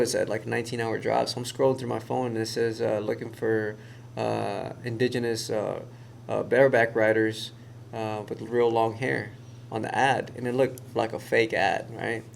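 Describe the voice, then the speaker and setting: Male guest, gravelly tone, animated storyteller, quiet background hiss. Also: on the low side. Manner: animated storyteller who acts out quoted voices. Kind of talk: casual storytelling.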